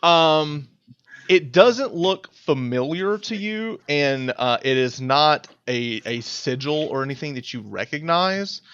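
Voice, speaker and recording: A man's voice: on the high side, expressive, takes it slowly, fairly bright tone, smooth, no room sound, muffled recording. A man narrating a tabletop game as game master, in a casual, rambling way. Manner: casual, rambling with fillers and restarts.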